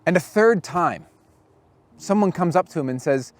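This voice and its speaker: A man giving a lively storytelling sermon to a youth camp. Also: fairly high pitch, normal speed, no room sound. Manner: storytelling, lively with acted quotes. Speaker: youth speaker.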